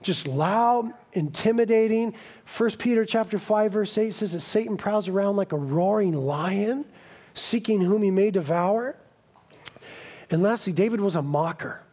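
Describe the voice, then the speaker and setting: A man preaching a sermon as pastor, animated and jokey in a conversational way. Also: high-pitched, measured pace.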